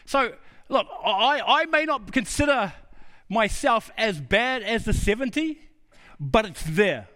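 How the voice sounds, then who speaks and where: Middle-aged New man preaching, high voice, earnest, confessional, drops quiet for emphasis. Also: lively intonation, slow. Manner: earnest, personal storytelling with sudden drops to a low, quiet voice. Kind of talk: sermon.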